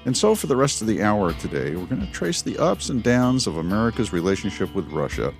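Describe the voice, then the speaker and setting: Measured man explaining history. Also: on the low side, very animated, soft background music. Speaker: history podcast co-host. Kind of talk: conversational history discussion.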